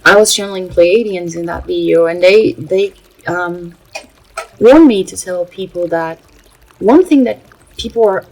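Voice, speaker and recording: A woman's voice: fairly low pitch, a little mellow, rough recording. Earnest woman. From Brazil. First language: Portuguese. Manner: earnest, halting, many filler pauses. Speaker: spiritual channel host. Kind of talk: casual spiritual vlog talk.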